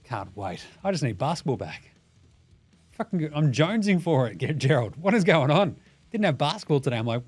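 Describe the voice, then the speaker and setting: A man with an Australian accent hosting a solo sports podcast, talking in a swearing, animated, jokey way. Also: a little high, brisk, faint music behind. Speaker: podcast host.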